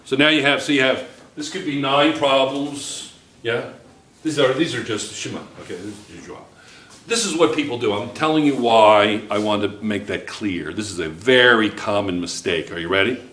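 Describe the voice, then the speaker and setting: A male chemistry teacher talks his class through problems in a loose, joking way, always checking in with them. His voice is bright and forward, and it echoes around a roomy classroom. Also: medium pitch, moderate pace. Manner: chatty, joking, checks in constantly with "right?". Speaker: high school chemistry teacher. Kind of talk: classroom lecture.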